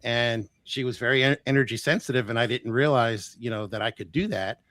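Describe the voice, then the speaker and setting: A man's voice: mid-range voice, brisk, no echo. Chuckling man in his sixties, dry sound. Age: 60s. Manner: animated, chuckles often, acts out quoted dialogue. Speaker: energy healer guest. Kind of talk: casual storytelling.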